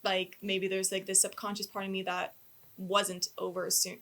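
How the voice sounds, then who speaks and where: A woman on a casual podcast, talking haltingly and filling gaps with "like.". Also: mid-range voice, completely flat delivery, fairly bright tone. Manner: halting, full of "like" fillers. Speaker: podcast co-host, dance company member.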